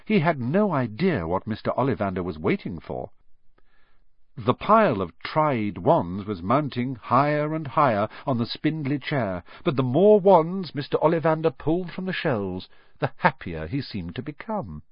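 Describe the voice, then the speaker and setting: A man narrating a story aloud as an audiobook, with expressive, animated storytelling. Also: mid-range voice, moderate pace, dry recording, dull audio.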